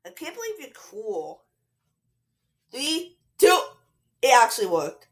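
Giggly high-voiced woman, lively and slow. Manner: giggly and playful, breaking into squeals and shouts. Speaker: podcast host. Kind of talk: casual chat on a call.

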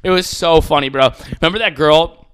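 A man from New York telling stories in casual comedic podcast chat, swearing freely and acting out hecklers in loud voices. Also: on the high side, brisk.

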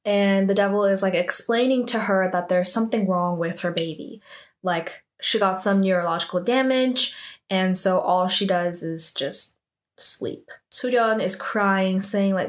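A woman's voice: mid-range voice, a little slow. A woman talking through a drama episode for her viewers in a chatty, casual way. She leans on many fillers and reacts to the story as she goes. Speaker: drama recap vlogger. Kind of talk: casual spoken recap.

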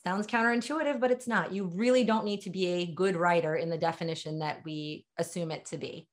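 A woman's voice: lowish voice, fairly even intonation, fairly quick. A middle-aged woman leading a webinar on sales writing, talking in an emphatic, direct and conversational way. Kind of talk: webinar training talk.

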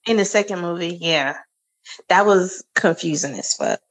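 A woman co-hosting a podcast in casual chat, reacting and asking quick questions. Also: on the low side, rough recording. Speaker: podcast co-host.

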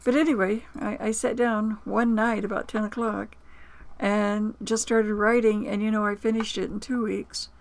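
A woman with a gravelly, creaky edge to her voice speaks as an interview guest. She tells personal stories in a reflective, conversational way, with small hesitations and acted-out quotes. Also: medium pitch, flat delivery, normal speed. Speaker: author and producer, interview guest. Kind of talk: conversational storytelling.

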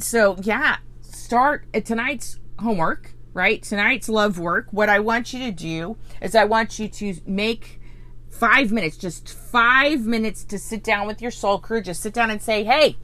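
A woman's voice: mid-range voice, measured pace, sharp tone. Earnest woman giving spiritual coaching. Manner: earnest, tags lines with "right?" and "okay?"; acts out listeners' inner voice. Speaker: spiritual teacher.

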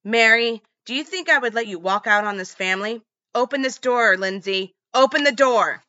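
Woman putting on a yelling, menacing man. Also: medium pitch, animated, brisk, no room sound, highs cut off. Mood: angry. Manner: angry, yelling demands. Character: menacing violent middle-aged man, shouting.

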